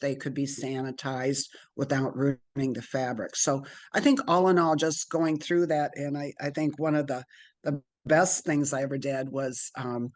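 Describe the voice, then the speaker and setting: A middle-aged woman being interviewed as a guest, telling stories about her career and acting out the voices of people she quotes. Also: extremely low pitch. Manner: lively storyteller, acts out quoted voices. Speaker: guest, business owner. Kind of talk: conversational storytelling interview.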